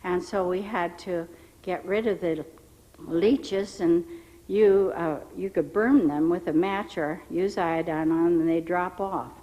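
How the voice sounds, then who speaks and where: A woman's voice: lowish voice, unhurried, muffled recording. An older woman stands before a church congregation and tells her own story as testimony. She rambles and restarts often. She brings the tale to life by acting out the people she quotes. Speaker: missionary giving testimony.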